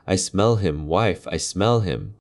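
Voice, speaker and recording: A man voicing a hungry, greedy giant ogre who bellows in a raised, loud voice. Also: deep voice, lively intonation, takes it slowly, exaggerated voice. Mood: bellowing.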